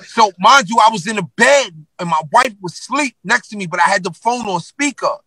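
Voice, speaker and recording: A man's voice: sits high, lively intonation, brisk, pushed and bright, no room sound, low-quality recording. A man from New York telling stories as a guest rapper in a casual interview, slangy and profane with many fillers.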